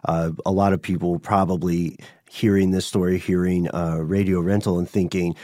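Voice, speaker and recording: A man's voice: low voice, little pitch movement, moderate pace, mellow, no echo, studio quality. A man co-hosting a podcast, chatting casually and filling in background for listeners. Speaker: podcast co-host. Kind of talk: casual chat.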